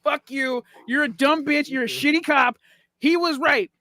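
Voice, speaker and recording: Dude with a really high voice ranting and swearing, dry close sound. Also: male voice, normal speed, pushed and bright, no echo. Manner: crude, profane, laughs a lot. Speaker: podcast co-host. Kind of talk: casual horror review chat.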